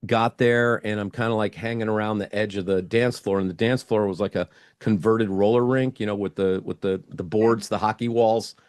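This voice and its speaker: A middle-aged man, a guest in an interview, tells a casual story and acts out his own thoughts as he goes. His lowish voice is clear, resonant, and a little mellow, with fairly even intonation and a moderate pace. The recording is dry and clean, studio quality.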